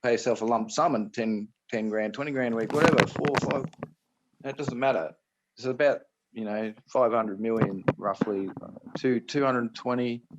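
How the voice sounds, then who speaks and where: A man's voice: mid-range voice, steady tone, moderate pace, lo-fi sound, very noisy. A man with an Australian accent talking in a loose, rambling way on a call, often restarting and tossing in "right?" and "mate". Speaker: guest explaining private trusts. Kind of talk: casual rambling chat on a call.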